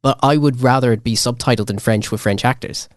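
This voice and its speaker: Male podcast co-host, mid-pitched voice, rambling and self-interrupting, dry close sound. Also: a little fast, no echo. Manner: rambling, many restarts, laughs often. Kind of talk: casual debate chat.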